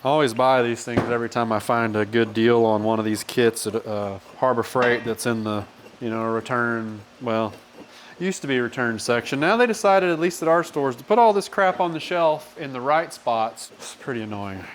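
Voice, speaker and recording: A man hosting a DIY mechanic channel works on a truck build in a home garage or shop, speaking at medium pitch and a moderate pace with slight background noise. His garage commentary is casual, wry and rambling, with occasional swearing as he works.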